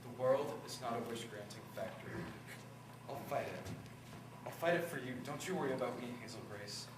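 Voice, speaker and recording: A man's voice: mid-range voice, brisk, close to an everyday voice. A teenage boy playing a witty, charming teenage boy with cancer, in a student stage performance with a playful, teasing, wry delivery. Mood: tender. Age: teens. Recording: echoey room from far off, noisy.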